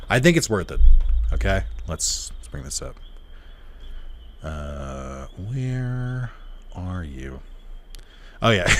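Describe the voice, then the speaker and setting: A man hosting a let's play, chatting casually and rambling with self-deprecating asides while he plays. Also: deep voice. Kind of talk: casual gameplay commentary.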